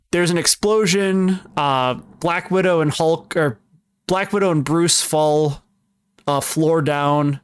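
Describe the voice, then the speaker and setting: A man's voice: a little high, slow pace, smooth, no room sound, studio quality. A young man co-hosting a casual podcast, recapping a story at length in a rambling, self-correcting way. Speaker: podcast co-host explaining films.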